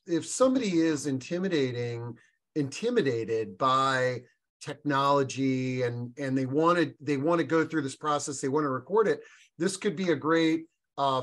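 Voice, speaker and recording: A man hosting a live online discussion, talking casually with frequent pauses and fillers. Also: on the high side. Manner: relaxed, halting, many fillers. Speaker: webinar host.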